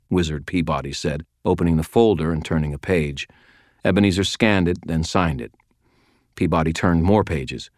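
A man's voice: very deep voice, normal speed, dry recording. A man narrating a story in the first person with a dry, wry delivery. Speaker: audiobook narrator.

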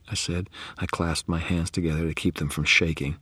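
A man narrating first-person fiction in a grave manner, often dropping into a hushed whisper. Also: deep voice, flat delivery, fairly quick, husky, dry recording. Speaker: audiobook narrator.

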